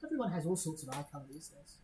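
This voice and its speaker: A woman's voice: low voice, very animated, rapid-fire, echoey room, crowd noise, rough recording. A woman voicing a sly, gossipy noblewoman who talks with false politeness and confiding asides.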